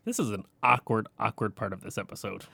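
A man co-hosting a casual podcast, asking questions and reacting with quick amusement. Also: lowish voice, creaky, bright, forceful tone, slightly rough, no echo, clean studio sound. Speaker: podcast co-host. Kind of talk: casual chat recapping a cartoon episode.

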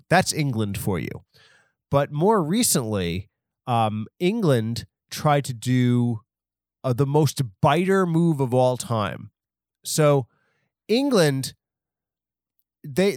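A man's voice: medium pitch, no echo, clean studio sound. A man hosting a solo comedy podcast, talking in a rambling, self-interrupting way full of absurd tangents. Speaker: podcast host.

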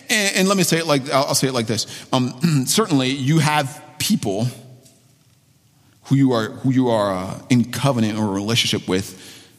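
Earnest pastor in a reverberant hall. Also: male voice, fairly low pitch. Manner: earnest, repeats phrases with many restarts. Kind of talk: sermon. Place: church sanctuary.

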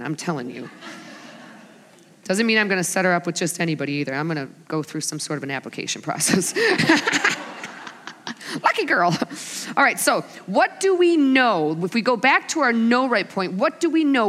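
Woman, forties, women's ministry speaker; lively, expressive storytelling sermon, long hall reverb. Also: mid-range voice. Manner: animated storyteller, voices her family in quotes. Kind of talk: sermon with humorous stories.

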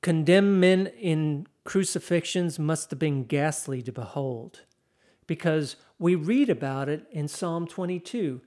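A preacher delivers a sermon slowly and deliberately in a slightly high, somewhat mellow voice. He reads scripture with drama, the intensity climbing as he goes.

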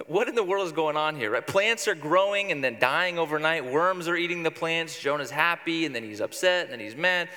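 A man's voice: on the high side, moderate pace, pushed and bright, big-room sound. A male pastor giving a sermon, retelling a scripture story in a conversational, wry way.

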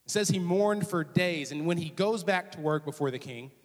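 A young man preaches in a relaxed, joking way and keeps dropping into little voiced asides. His voice sits fairly high for a man. It rings with long reverb through a church auditorium. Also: normal speed. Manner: casual, joking, animated storytelling with voiced asides. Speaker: student ministries director preaching. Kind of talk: sermon.

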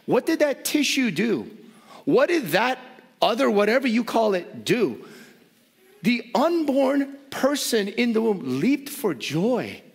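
Man, pastor, preaching a sermon, high-pitched voice, emphatic, repeats phrases, rhetorical questions. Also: sing-song, slow pace, gravelly, slightly rough. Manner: emphatic, repeats words for stress, asks the audience rhetorical questions.

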